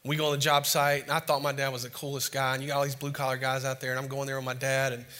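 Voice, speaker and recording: A man from the States, preaching a sermon as an animated, self-mocking storyteller before a live audience. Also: medium pitch, very fast, long reverb tail. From Southern United States.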